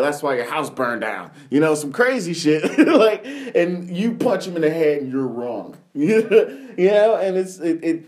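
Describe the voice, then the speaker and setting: A young man with a slightly high voice hosts a casual podcast chat. He rambles through profane anecdotes and laughs often as he talks. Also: dark tone. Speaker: podcast host.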